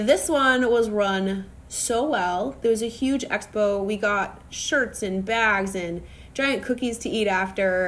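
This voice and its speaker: A young woman from Minnesota chatting casually to her viewers, telling a lively story full of fillers and asides. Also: mid-range voice. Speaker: vlogger. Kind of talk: casual chat to camera.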